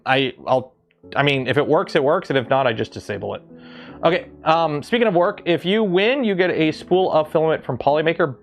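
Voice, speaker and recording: A man from Canada hosting a livestream, talking casually and rambling with lots of ums and restarts. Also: medium pitch. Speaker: livestream host.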